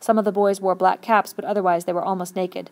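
A woman reading a novel aloud with steady, expressive storytelling. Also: lowish voice, fast. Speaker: audiobook reader.

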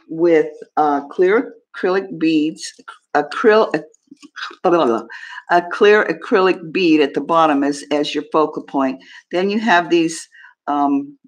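A woman hosting a live jewelry sale stream, describing pieces in a chatty, unhurried way and talking to viewers. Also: low voice. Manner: chatty, describes items slowly, friendly asides to viewers. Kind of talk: casual live-stream selling.

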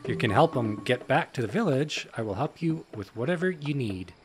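A man plainly reading a proud woman chief of a prehistoric village, blunt and commanding, delivered in his own mid-pitched voice with lively ups and downs. Game music plays clearly behind her lines. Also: a little fast, lightly acted. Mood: businesslike. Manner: reads game dialogue aloud flatly.

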